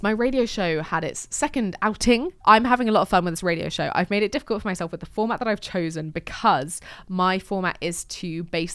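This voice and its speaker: A young woman in her twenties talks through her week in a casual diary podcast. Her voice sits on the low side and sounds smooth and clear. The delivery is chatty and self-deprecating, with laughs and the odd swear word, recorded close and dry. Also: dry recording. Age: 20s. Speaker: podcast host. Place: lives in Glasgow.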